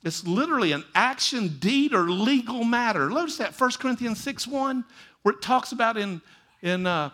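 A man preaching a sermon as pastor, telling stories and repeating phrases for emphasis, swinging between loud emphatic lines and quiet asides. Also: very high voice, expressive, normal speed.

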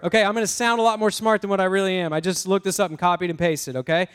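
High-voiced pastor calling for responses. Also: male voice, very fast, clean tone. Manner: energetic, call-and-response with congregation; casual, self-interrupting. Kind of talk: sermon.

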